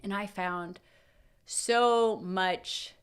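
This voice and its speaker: A woman in her thirties, a podcast co-host, telling a personal story in casual chat, emotional and lively, quoting her own thoughts aloud. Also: medium pitch, very slow, clear, resonant tone.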